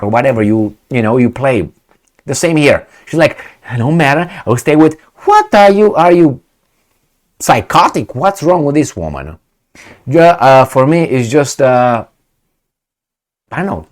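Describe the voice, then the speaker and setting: Middle-aged male commentator, mocking rant, lively swinging pitch. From Romania. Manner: sarcastic, heated, mocking. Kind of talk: ranting video commentary.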